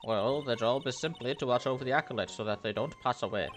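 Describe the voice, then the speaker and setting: A man voicing an elderly head nun with a back complaint, in a lilting put-on Irish accent, gentle and motherly. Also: medium pitch, fast talker, soft background music, close to an everyday voice. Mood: patient.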